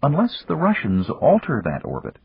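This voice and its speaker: A man's voice: fairly high pitch, wildly swooping pitch, normal speed, vocal fry, husky, dry recording, pitched above the performer's own voice, full character voice. A man voicing a composed, insistent woman president in an audiobook, raising his voice into a lighter register. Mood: firm. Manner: firm, insistent, lecturing. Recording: dull lo-fi audiobook recording.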